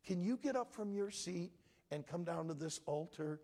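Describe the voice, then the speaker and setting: A husky man preaches an altar call in a church, his pitch rising and falling freely as he pleads. He speaks earnestly, voicing the prayers his listeners might say. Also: lively intonation, normal speed, warm tone. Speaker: pastor. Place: church sanctuary.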